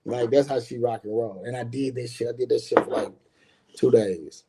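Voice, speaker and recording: A man's voice: medium pitch, moderate pace, very noisy. A middle-aged man and business owner telling a personal story in a rambling, slangy way, swearing freely and talking straight to his viewers. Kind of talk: casual personal storytelling monologue.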